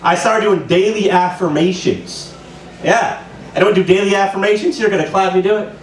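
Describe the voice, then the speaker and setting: A young man in his twenties does loose, profane, rambling open-mic stand-up on a small comedy club stage. He has a high-pitched voice with fairly even intonation and a moderate pace. The recording is roomy and distant, with a little hiss or hum.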